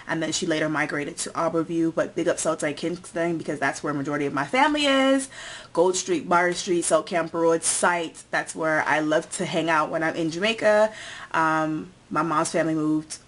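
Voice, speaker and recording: A young woman born in the US chats casually as a vlogger in a tag video, listing things individually with many fillers. Her low-sitting voice is fairly bright and moves at normal speed.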